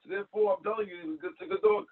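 A man voicing a polite young male charity collector who pleads eagerly, his pitch rising. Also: big pitch swings, moderate pace, creaky, husky, full character voice. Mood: eager pleading. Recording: tinny phone-like line.

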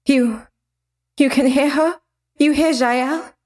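A woman's voice: high-pitched, slow, pitched above the performer's own voice. A woman voicing a furious, vengeful young woman who turns on her brother. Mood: shocked. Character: enraged vengeful young woman, a fallen sister.

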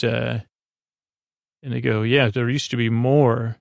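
Flat, gravelly-voiced man rambling. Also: medium pitch, dry recording, studio quality. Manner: halting, hesitant, many filler pauses. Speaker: podcast host. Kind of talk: rambling sleep-podcast episode recap.

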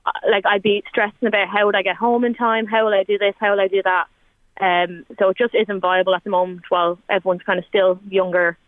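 A woman's voice: mid-range voice, level tone, quick pace, dry recording. A woman in her twenties with an Irish accent, talking in a rambling, chatty way with many fillers as a guest on a radio phone-in. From Ireland. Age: 20s. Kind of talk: emotional radio phone-in chat. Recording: tinny phone line, dry.

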